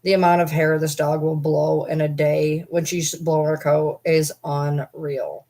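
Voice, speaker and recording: A woman's voice: low-pitched, little pitch movement, measured pace, warm tone. A young woman vlogger chatting candidly and rambling with her viewers, swearing now and then. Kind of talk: casual chat.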